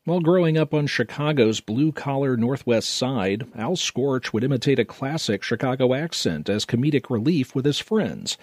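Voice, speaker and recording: A man news anchor reading a steady scripted introduction. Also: mid-range voice, moderate pace, hardly any pauses, slightly rough, no echo.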